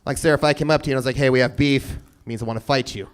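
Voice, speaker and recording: A man in his thirties doing a stand-up comedy set, telling stories deadpan with sudden loud bursts. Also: medium pitch, racing. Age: 30s. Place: comedy stage before a live audience.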